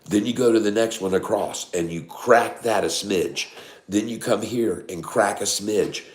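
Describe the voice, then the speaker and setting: Middle-aged guy hyped up over stock charts, folksy, kinda low voice, keeps saying folks. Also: a little slow. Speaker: day-trading streamer. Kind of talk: live chart commentary.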